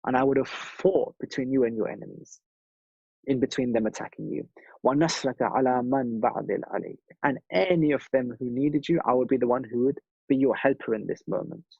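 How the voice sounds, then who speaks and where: Man giving a sermon, gravelly and husky. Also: medium pitch, brisk, a little mellow, dry recording, muffled recording. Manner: earnest, rhythmic, repeats phrases for emphasis. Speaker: speaker at a mourning gathering.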